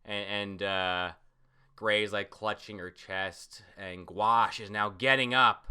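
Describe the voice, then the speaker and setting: A man giving a casual, excitable manga reaction and recap, full of fillers and the odd curse when surprised. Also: lowish voice, takes it slowly, clean tone. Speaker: manga reviewer.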